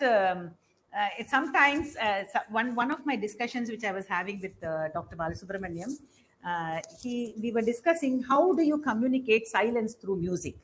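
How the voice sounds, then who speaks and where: Indian woman giving a halting lecture. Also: mid-range voice, rough recording. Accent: Indian English. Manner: unscripted, halting, many fillers and restarts. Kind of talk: academic lecture. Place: lecture hall.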